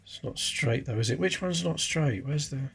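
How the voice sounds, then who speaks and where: A man's voice: on the high side, lively intonation, moderate pace, gravelly, fairly bright tone, soft background music. A man hosting a coin collecting channel, chatting casually and explaining details while handling coins. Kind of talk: casual coin-sorting commentary.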